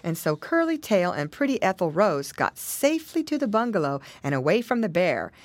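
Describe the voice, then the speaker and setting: Brief: woman narrator for a children's audiobook, lively sing-song delivery, dry close sound. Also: lowish voice, normal speed, dry recording. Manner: expressive, sing-song storytelling. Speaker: audiobook reader.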